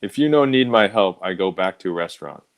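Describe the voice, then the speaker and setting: A man's voice: low voice, animated, fairly quick, no echo. A man putting on a fake accent as Willis Wu. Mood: insistent. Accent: fake put-on accent. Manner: clipped broken English. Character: adult man Willis Wu, an actor cast as a stereotype.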